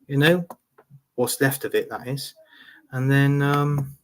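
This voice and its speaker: A man's voice: mid-range voice, fairly even intonation, slow. Chatty man reading comments. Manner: chatty, laughs often, repeats phrases. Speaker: host of football show. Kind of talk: casual live-stream chat, reading viewer comments.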